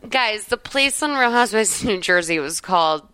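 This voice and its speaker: A woman's voice: medium pitch, expressive, moderate pace, sharp tone, soft background music. A woman hosting a podcast, chatting wryly about a movie with a guest. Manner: chatty, wry, lots of likes. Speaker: podcast host. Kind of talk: casual movie chat.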